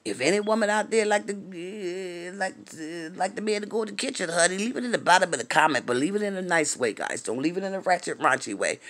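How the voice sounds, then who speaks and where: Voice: medium pitch, fairly bright tone. A vlogger giving sassy, gossipy commentary on a reality show, drawling and calling the viewers honey and baby, sometimes dropping to a whisper. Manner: drops to a whisper for racy gossip.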